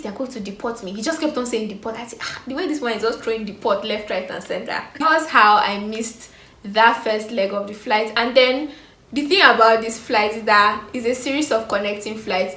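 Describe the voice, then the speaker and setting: Nigerian woman telling an animated story. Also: a little high. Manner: animated storytelling, acting out other people's lines. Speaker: vlogger. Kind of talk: storytime vlog. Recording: echoey room with faint ambience.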